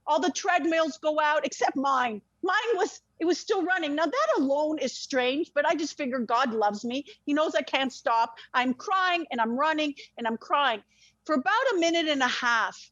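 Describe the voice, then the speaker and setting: High-voiced woman telling a story in dull lo-fi sound. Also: normal speed, no echo. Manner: animated, swears freely, restarts sentences. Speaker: interview guest. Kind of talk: emotional personal storytelling.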